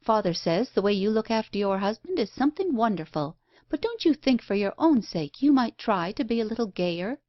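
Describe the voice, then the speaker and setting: A woman voicing a brusque, blunt, impatient unmarried woman who talks in a sharp, scolding way. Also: mid-range voice, animated, fairly quick, no echo, muffled recording, lightly acted.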